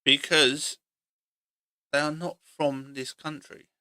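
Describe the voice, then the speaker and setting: Male vlogger, blunt and argumentative, repeats himself. Bright tone with a tense edge, dry close recording. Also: on the high side, level tone, takes it slowly, no room sound. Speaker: opinion vlogger. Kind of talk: opinionated monologue.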